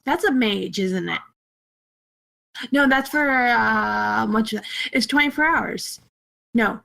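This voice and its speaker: A woman guest on a casual gaming podcast, chatty and quick to correct others. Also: fairly high pitch, vocal fry, bright, forceful tone.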